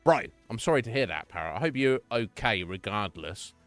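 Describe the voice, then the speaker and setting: Lively, swearing streamer man. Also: lowish voice, no room sound, faint music behind. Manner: chatty, profane, quick to laugh. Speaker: Twitch streamer. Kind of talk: casual live-stream chat with viewers.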